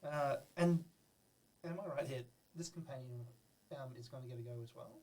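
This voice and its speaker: A man's voice: mid-range voice, moderate pace, darkish tone. Male player, joking, a little hesitant, picked up from a distance. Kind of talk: playing a tabletop game.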